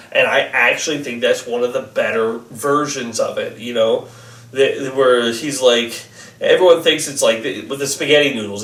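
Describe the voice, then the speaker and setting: A man's voice: medium pitch, fairly bright tone, reverberant, far from the mic. A man giving a casual, rambling spoken film review, full of fillers and restarts.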